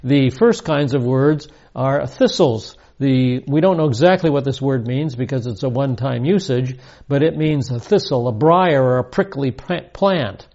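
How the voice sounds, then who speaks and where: A man's voice: mid-range voice, normal speed, few pauses, a little mellow, dull audio. A man giving a verse-by-verse Bible teaching, emphatic and repeating key points with rising stress.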